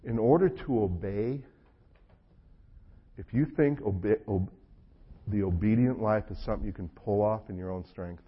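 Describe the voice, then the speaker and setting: A man's voice: lowish voice, moderate pace, long pauses, breathy edge. A man from North Carolina with a Southern US accent, preaching a sermon as a pastor in a conversational, joking storytelling way. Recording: dull lo-fi recording.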